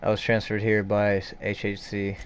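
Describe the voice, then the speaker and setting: A man's voice: fairly low pitch, completely flat delivery, normal speed. A man commentating a video game playthrough, ranting with lots of swearing. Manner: swearing, frustrated rants. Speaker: gamer. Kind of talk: gameplay commentary.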